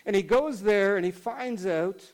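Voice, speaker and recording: A man with a high voice tells a sermon story. He keeps it conversational and animated, like a storyteller leaning into each turn of the tale. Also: a little slow, low-quality recording. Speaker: pastor.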